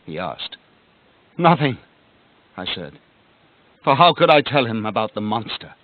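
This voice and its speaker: A man's voice: lowish voice, sing-song, normal speed, no echo. Dramatic male storyteller on tinny cassette. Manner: dramatic storytelling, dropping to a hush. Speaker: narrator. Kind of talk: cassette audiobook reading.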